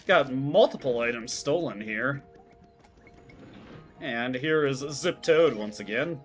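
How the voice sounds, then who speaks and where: Male streamer, chatty game commentary, lively pitch, laughs a lot, faint game music behind. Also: slow pace, pauses often. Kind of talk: game commentary while reading dialogue aloud.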